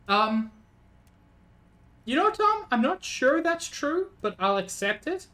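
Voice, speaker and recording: Man streaming a story game; quite high voice, playful laughing asides. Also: big pitch swings, takes it slowly, pushed and bright. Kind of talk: casual game commentary between read-aloud lines.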